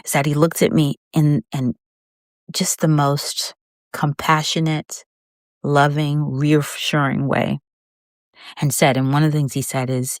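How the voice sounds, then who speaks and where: A woman's voice: deep voice, level tone, unhurried, no room sound, clean studio sound. A middle-aged woman hosting a faith-based podcast, talking heartfelt and conversational to her listener, holding back tears. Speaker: podcast host.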